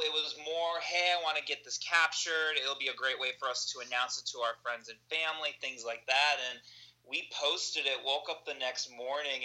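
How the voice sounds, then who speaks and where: A man's voice: medium pitch, sharp tone, poor audio. A man chatting earnestly as an interview guest, telling a personal story. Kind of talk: casual storytelling.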